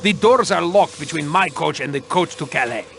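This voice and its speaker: A proud, easily offended doctor in a mystery video game. He sits high and bright in his voice and swings widely in pitch whenever he protests, sounding sure that suspicion of him is absurd. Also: expressive, normal speed, vocal fry, slight background noise. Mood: indignant. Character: indignant male doctor, proud of expertise. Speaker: train doctor being questioned.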